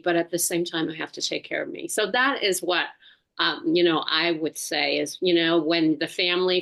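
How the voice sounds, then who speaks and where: A middle-aged woman sharing a personal story in a class, speaking haltingly with many fillers. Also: lowish voice, vocal fry, fairly bright tone, poor audio. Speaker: class participant.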